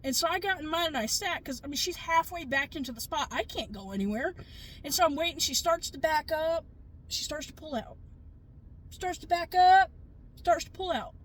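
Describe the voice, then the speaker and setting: High-voiced woman ranting. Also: lively intonation, moderate pace, a little hiss or hum, low-quality recording. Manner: chatty, exasperated, cusses casually. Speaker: storyteller. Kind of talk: casual storytelling vlog.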